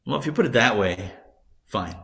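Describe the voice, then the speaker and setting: A man's voice: fairly low pitch, animated, normal speed, vocal fry, pushed and bright, exaggerated voice. A man voicing a suspicious male frog in a parable told to a class. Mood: wary. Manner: doubtful, dry. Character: wary male frog, suspicious then dying in surprise.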